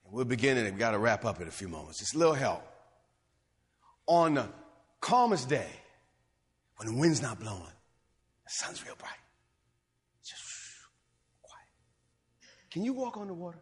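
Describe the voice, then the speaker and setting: A man preaching a sermon as a pastor, swinging from low, quiet passages up to loud, emphatic calls. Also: brisk, pauses often. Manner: animated preaching, rising to near-shouts and dropping low. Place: church sanctuary. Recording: long hall reverb.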